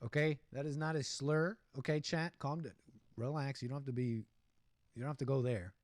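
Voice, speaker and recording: A man hosting a casual livestream, chatting loosely with his viewers and reacting to a video in an animated, rambling way. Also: medium pitch, normal speed, no room sound. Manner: animated, rambling, talks to chat, mock-singing asides. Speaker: livestream host. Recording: music playing behind the voice.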